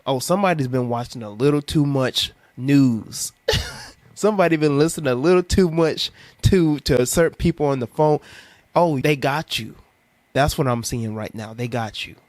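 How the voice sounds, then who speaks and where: A young man ranting in an animated, sarcastic, preachy vlog monologue. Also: medium pitch, moderate pace, no room sound. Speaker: commentary vlogger.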